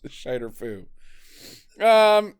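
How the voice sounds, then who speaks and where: A man on a casual movie-riffing podcast, talking with a lively, swooping pitch. He mocks the film's lines in a gruff, profane put-on voice and keeps the chat sarcastic and loose. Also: very slow. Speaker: podcast co-host.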